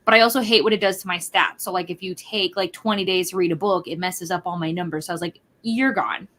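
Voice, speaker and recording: A woman's voice: lowish voice, fairly even intonation, fast, fairly bright tone, a little hiss or hum. A woman hosting a live reading stream, chatting casually and greeting viewers from bed at home. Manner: chatty, reads out chat greetings. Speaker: livestream host. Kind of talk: casual chat.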